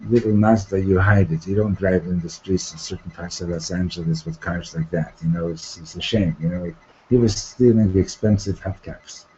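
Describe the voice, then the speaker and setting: A male teacher telling a story to his class, halting, repeating words and often asking "okay?". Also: lowish voice, warm tone, lo-fi sound, slight background noise. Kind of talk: storytelling lesson.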